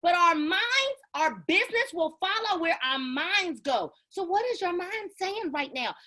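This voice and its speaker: A woman giving an energetic motivational talk on a video call, preaching and calling out to her listeners. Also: very high-pitched, moderate pace, hardly any pauses. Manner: preachy, exclamatory, call-and-response. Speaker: network marketing leader.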